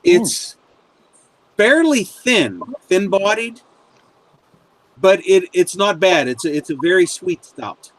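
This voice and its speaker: A man with a somewhat high voice who chats casually while tasting a beer. He weighs his words in a relaxed, thoughtful way. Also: slow, long pauses, dry recording, poor audio.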